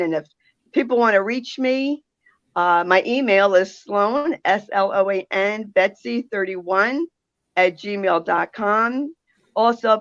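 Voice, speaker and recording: A woman's voice: mid-range voice, fairly bright tone, no echo, lo-fi sound. A woman with a New Jersey accent, a guest on a video call, speaking emphatically and from the heart. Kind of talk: conversational interview.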